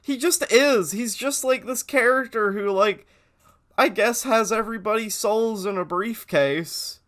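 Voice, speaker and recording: Chatty podcast co-host with a bright tone. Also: medium pitch. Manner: chatty, jokey, quick asides. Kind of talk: casual chat recapping a cartoon.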